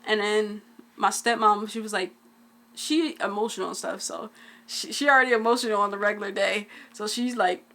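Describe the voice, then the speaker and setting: A woman's voice: medium pitch, steady tone, moderate pace, sharp tone. A young woman, telling a family story in casual vlog chat, full of "like"s. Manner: casual, dialect-heavy storytelling with many "like"s. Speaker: twin vlogger.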